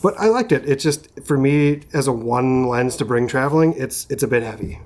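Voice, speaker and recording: A young man from Minnesota, hosting an outdoor chat about camera gear, relaxed and full of filler words. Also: mid-range voice, moderate pace. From Minnesota, USA. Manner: relaxed and chatty, with lots of fillers like "like" and "um". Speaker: host, photographer. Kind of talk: casual chat reviewing a lens. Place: outdoors at a rocky sunset spot. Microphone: compact shotgun mic on camera.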